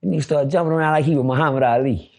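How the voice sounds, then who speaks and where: A middle-aged man telling stories in a casual interview. He is animated and keeps switching into the voices of people from his stories. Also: fairly high pitch, rapid-fire. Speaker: guest.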